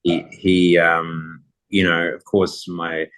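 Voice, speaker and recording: Middle-aged male interview guest, low-pitched, rambling, relaxed storyteller. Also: slow pace. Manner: rambling, relaxed anecdote-telling. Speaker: guest photographer.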